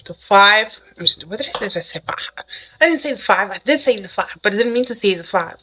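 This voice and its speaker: A woman giving a casual spoken tarot reading to the viewer, excitable and chatty, who keeps checking in with "okay?". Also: mid-range voice, fast, slight background noise, rough recording. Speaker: tarot reader.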